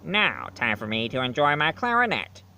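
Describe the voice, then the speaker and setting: A man voicing a grumpy, bored adult male squid neighbor with a flat, sour drawl. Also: fairly high pitch, normal speed, slight background noise, full character voice.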